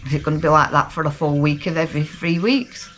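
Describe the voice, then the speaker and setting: A down-to-earth middle-aged woman with a broad Lancashire accent chats and rambles in a casual video diary. Her voice sits low for a woman. A faint background noise runs under the recording. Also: fast talker. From Lancashire, England. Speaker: vlogger.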